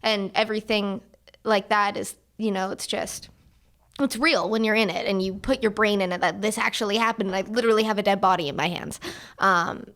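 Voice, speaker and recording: A woman in her twenties, an actor talking casually as a podcast guest, animated and full of fillers. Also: medium pitch. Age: 20s. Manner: animated, quick bursts, many fillers. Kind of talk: casual chat.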